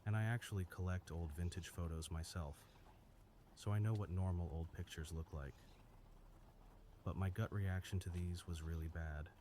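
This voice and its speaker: A man reading scripted first-person horror stories in a steady, measured way. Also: low-pitched, slight background noise. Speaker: story narrator. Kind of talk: scripted horror story narration.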